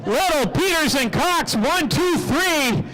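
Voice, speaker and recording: A man announcing a live race at an outdoor speedway, calling the action excitedly and joking with drivers. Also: extremely high pitch, slow, noisy background. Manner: excitable play-by-play, jokey with drivers. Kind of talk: live race commentary and interviews.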